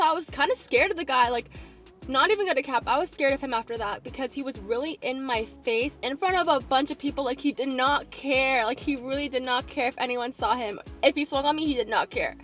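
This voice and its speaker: A young woman vlogger telling a casual storytime, animated, acting out the other people's lines. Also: high voice. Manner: animated, acts out quotes.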